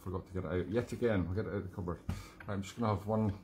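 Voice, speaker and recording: A man's voice: sits low, racing, background noise. Rambling Scottish man between tunes. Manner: rambling, self-deprecating, with fillers. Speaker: musician hosting a livestream show. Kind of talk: casual chat between tunes.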